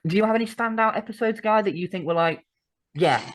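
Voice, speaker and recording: Woman chatting on a podcast, swears a lot, laughs easy, middle pitch. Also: quick pace. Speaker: podcast co-host. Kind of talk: casual chat.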